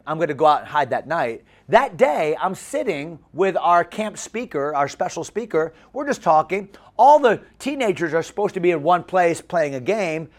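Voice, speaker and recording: A man from the United States, a pastor preaching a funny story sermon and repeating phrases for effect. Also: high voice. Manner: animated, comic, repeats phrases.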